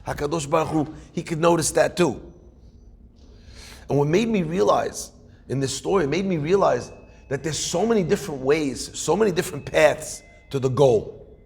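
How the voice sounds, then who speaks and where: A rabbi telling a story in a sermon, animated, acting out characters with punchy asides. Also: male voice, a little high, moderate pace, gravelly, slightly rough.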